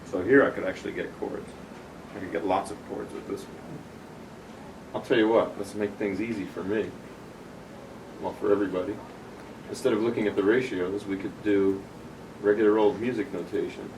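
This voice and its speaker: Low-voiced man explaining from a distance. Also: steady tone, normal speed, long pauses. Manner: patient, explaining step by step. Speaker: presenter demonstrating tuning software. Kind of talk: explanatory casual talk. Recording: distant room mic with background noise.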